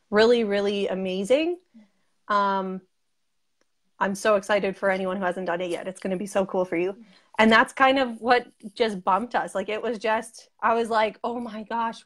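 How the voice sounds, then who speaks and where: Bubbly, chatty young woman guest. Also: mid-range voice. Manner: gushing, chatty, frequent "like" and laughs. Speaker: interview guest, group member. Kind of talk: casual chat.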